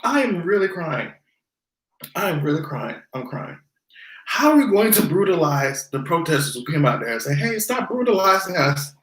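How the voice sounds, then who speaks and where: A vlogger ranting in casual commentary, profane and sarcastic, now and then slipping into high mocking voices. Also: big pitch swings, moderate pace, fairly bright tone, reverberant, rough recording.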